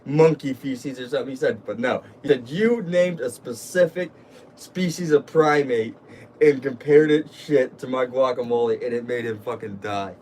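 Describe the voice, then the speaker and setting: A man's voice: mid-range voice, moderate pace, darkish tone. Young guy on a stoner livestream, cussing and laughing, kinda far from the mic, bit of hiss. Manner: laughing, swearing, storytelling with voices. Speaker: livestream co-host. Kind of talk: casual stoner chat. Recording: distant mic with faint background noise.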